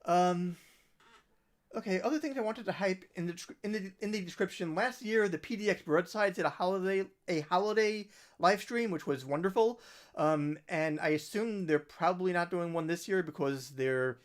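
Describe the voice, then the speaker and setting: This is a male musician hosting a livestream, his voice high-pitched and his pace moderate. He chats in a relaxed way, wandering through recommendations with gentle, trailing side comments.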